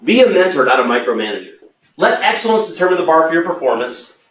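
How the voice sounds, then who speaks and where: A man's voice: on the high side, sing-song, fast, fairly bright tone. A man as a sales trainer, telling a workplace anecdote in a training webinar and acting out the quoted dialogue. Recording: echoey, distant, muffled.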